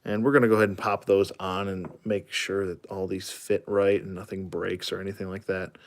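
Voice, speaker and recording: Man, fairly low voice, easygoing toy reviewer who rambles with lots of "uh"s and chuckles. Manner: rambling, many fillers and chuckles. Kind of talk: casual product review.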